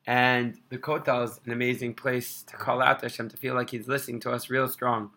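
A man telling an inspirational religious story in an animated, expressive way. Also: medium pitch, brisk.

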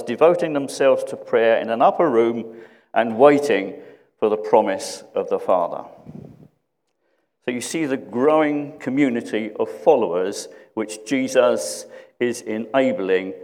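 A man preaching a sermon in a reflective way, often repeating questions and dropping to a hush. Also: fairly low pitch, long reverb tail.

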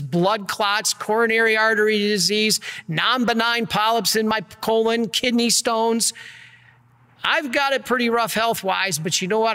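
Priest giving a chatty sermon, bright voice, lots of restarts, reverby room. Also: male voice, sits high. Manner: conversational preaching with asides and repeated restarts.

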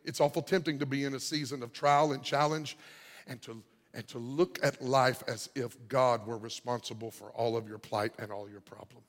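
A pastor delivering a dynamic sermon, swinging from loud shouting to quiet murmurs. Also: male voice, medium pitch, fairly even intonation, moderate pace. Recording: long hall reverb.

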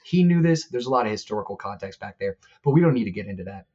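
Husky man on a dull lo-fi mic. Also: lowish voice, very fast, darkish tone. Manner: rambling, crude jokes. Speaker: podcast guest. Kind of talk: casual movie chat.

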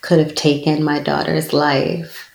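A woman in her thirties, a spiritual speaker, tells an earnest, reflective personal story during an interview, laughing softly now and then. Her gravelly, low-pitched voice stays flat and a little slow. The room is echoey.

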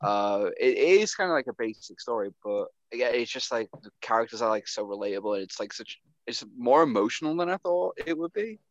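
A man's voice: mid-range voice, animated, brisk, no echo. A man on a podcast panel, talking with casual enthusiasm and an easy swear now and then. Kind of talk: casual group chat. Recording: dry, dull lo-fi sound.

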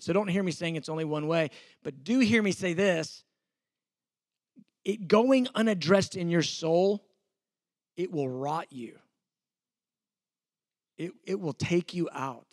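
Earnest and conversational, this middle-aged man preaches a sermon as a pastor, often circling back to repeated phrases. His slightly high voice is a bit mellow and free of echo.

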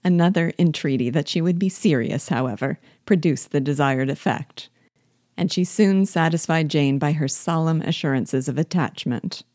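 Brief: woman reading a classic novel aloud, low-pitched and warm, steady and clear. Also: no echo, studio quality. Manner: measured, clear narration. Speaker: literature guide reading aloud.

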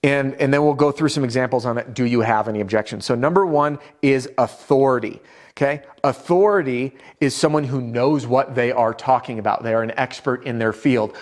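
A man teaching sales in an instructional video, speaking to the viewer in an upbeat, direct coaching manner. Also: medium pitch. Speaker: roofing sales trainer.

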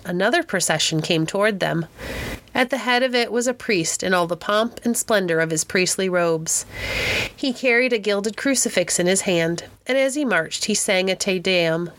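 A woman reading a history storybook aloud as an audiobook narrator, calm and gentle. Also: mid-range voice.

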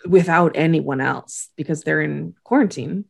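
A woman with a low, gravelly voice talks through a TV episode in a relaxed, chatty way. She runs through the scenes quickly and laughs often as she goes. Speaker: podcast co-host recapping a TV episode. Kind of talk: casual chat, episode recap.

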